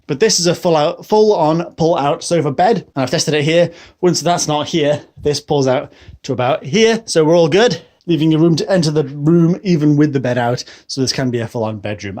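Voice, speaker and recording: A young British man vlogging a casual tour of his house, chatty and rambling, often exclaiming and laughing at himself. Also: on the high side. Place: a house, indoors.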